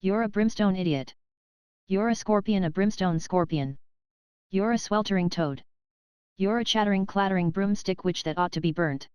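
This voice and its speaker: Female reader as a fawning, wheezy old money-grubber, crafty and frail, crisp dry storybook read. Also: medium pitch, normal speed, darkish tone, no echo, muffled recording, natural voice. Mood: furious. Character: wheedling, grasping frail old moneylender man.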